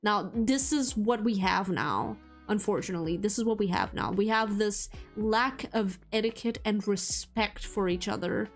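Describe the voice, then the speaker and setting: A young woman talks casually to her viewers, rambling and restarting her sentences with plenty of fillers. Her pitch sits in a middle range. Faint background music plays under her voice. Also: normal speed, hardly any pauses. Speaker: streamer.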